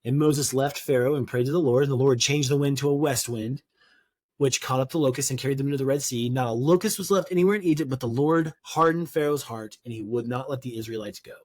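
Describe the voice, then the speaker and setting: Man, podcast co-host, casual scripture reading, wry asides, mid pitch, dry studio sound. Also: fast talker, a little mellow, no echo. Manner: reads scripture aloud, then riffs with offhand jokes. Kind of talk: casual Bible study chat.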